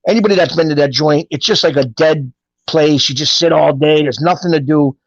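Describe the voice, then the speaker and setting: Animated New man telling stories. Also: on the high side, brisk, no room sound, muffled recording. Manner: animated storyteller who acts out quoted voices. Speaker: guest telling his life story. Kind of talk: casual storytelling.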